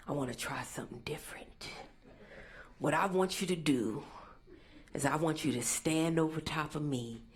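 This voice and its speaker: A woman doing a creepy whispering male client. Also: natural voice. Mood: sleazy. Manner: low, slow, half-whispered. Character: creepy male massage client with a strange request. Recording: noisy live club with crowd.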